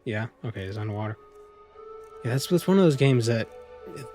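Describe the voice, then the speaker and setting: A man chats casually while he plays a video game, rambling and amused as he thinks out loud. Soft music sits faintly behind his voice. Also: medium pitch, animated, a little fast. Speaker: streamer. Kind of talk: casual gameplay commentary.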